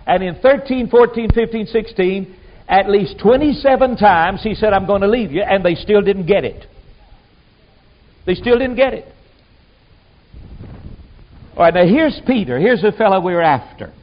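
A man delivers a sermon in a folksy, emphatic manner and acts out the people he quotes. His voice sits high and swoops up and down with lively range. The recording is dull and lo-fi. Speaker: preacher. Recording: dull lo-fi sound.

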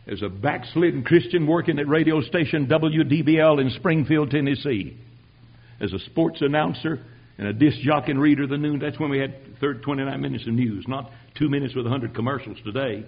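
An older man preaching his own testimony, telling it dramatically and swinging from hushed tones to shouting. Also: medium pitch, fairly quick, slightly rough, dull audio. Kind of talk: sermon testimony.

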